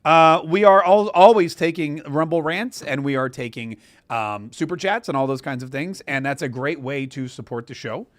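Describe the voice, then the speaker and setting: A man's voice: fairly high pitch, moderate pace, no echo. An American man in his forties hosting a live stream, telling a long rambling story with many restarts. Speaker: host of a live stream show. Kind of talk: casual live-stream chat.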